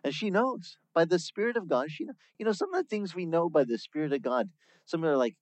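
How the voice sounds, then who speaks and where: A man preaching a sermon, teaching through a Bible passage in a lively, conversational way. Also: fairly high pitch, a little fast, no echo. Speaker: pastor.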